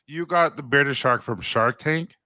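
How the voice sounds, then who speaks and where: A man's voice: mid-range voice, a little slow, pushed and bright, no room sound. A man hosting a casual interview, easygoing and chuckling as he asks short questions. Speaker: host, interviewer.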